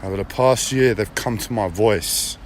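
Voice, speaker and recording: A man's voice: on the low side, moderate pace, slight background noise. A man streaming live, talking in a blunt, profane personal monologue with repeated phrases and a whiny edge.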